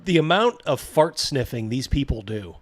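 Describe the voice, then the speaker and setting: A man's voice: mid-range voice, very animated, normal speed, a crowd in the background. A man hosting a stream, giving sarcastic, mocking reaction commentary with frequent stammered restarts. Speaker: stream host.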